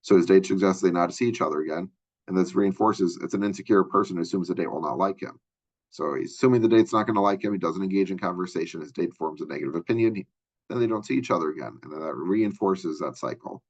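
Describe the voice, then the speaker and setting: Male lecturer, very low voice, husky, conversational with lots of fillers, dull lo-fi sound. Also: fast talker. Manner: conversational, many fillers and asides. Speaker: college instructor. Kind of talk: recorded lecture.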